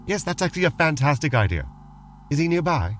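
A man's voice: fairly high pitch, very animated, brisk, fairly bright tone. A man co-hosting a comedic role-play podcast, fussy, prim and reluctant in his banter, over background music. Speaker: podcast co-host. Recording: music playing behind.

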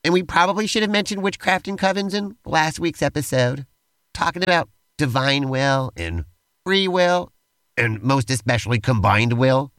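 Man, podcast co-host, chatty and playful, animated pitch. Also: normal speed, dry recording. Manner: enthusiastic, talky, uses "like" a lot. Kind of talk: playful role-play banter.

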